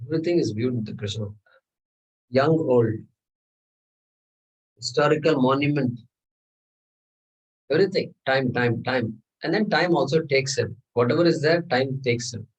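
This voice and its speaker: A man's voice: mid-range voice, moderate pace, long pauses, husky, distant mic, poor audio. A man teaching a scripture class, talking through verses with rhetorical questions and chanted Sanskrit. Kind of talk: lecture on scripture.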